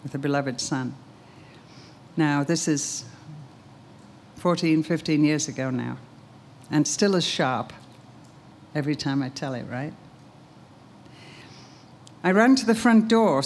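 A woman's voice: deep voice, a little mellow, a little hiss or hum. An older woman giving an earnest, emphatic sermon, telling a story and reciting a poem. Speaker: speaker, teacher.

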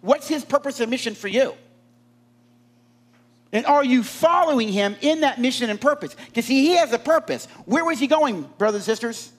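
A preacher delivers a sermon in an animated way, often tossing questions out to the congregation. His voice is high for a man and very lively, climbing and falling as he builds his points. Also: moderate pace.

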